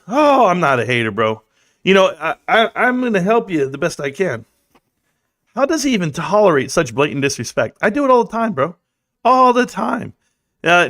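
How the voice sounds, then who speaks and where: Male streamer, loose and animated, bright edge, sits a touch high. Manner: loose, slangy, animated, reads chat aloud. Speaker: livestream host. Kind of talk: casual livestream chat.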